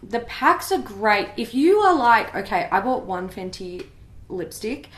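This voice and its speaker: A candid, opinionated woman co-hosts a casual beauty chat. Her voice sits at a middling pitch. A roomy echo hangs around her. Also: very animated, unhurried, fairly bright tone. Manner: candid, opinionated, laughs easily. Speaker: beauty co-host.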